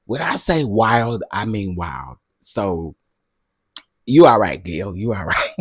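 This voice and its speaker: A man chats with his livestream viewers, laughing often and talking straight to the chat. His voice is a little husky and swings widely in pitch. The sound is close and dry, with no room around it. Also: takes it slowly, no room sound. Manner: animated, laughs often, addresses chat directly. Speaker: livestream host.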